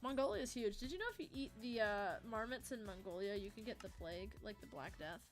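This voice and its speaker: A woman's voice: medium pitch, fast, music in the background. A young woman of about eighteen streaming a game, rambling in casual chat, swearing freely and answering her chat. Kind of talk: casual livestream chat while gaming.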